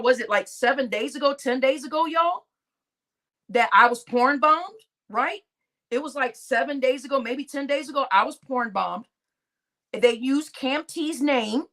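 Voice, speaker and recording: A woman host chatting casually on her live stream, with a somewhat high voice. She tells a story in an animated way and reads out viewer comments as she goes.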